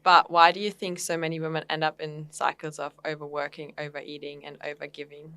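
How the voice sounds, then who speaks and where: A woman's voice: deep voice, flat delivery, fairly quick, pushed and bright, clean tone. A woman hosting a podcast, asking curious questions in a casual conversation. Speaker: podcast host.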